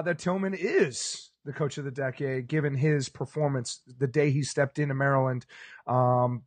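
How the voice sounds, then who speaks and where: A man with a noticeably high-pitched voice co-hosts a casual sports chat. He tells stories with animation and acts out the reactions of people around him. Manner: animated storyteller, acts out bar crowd reactions.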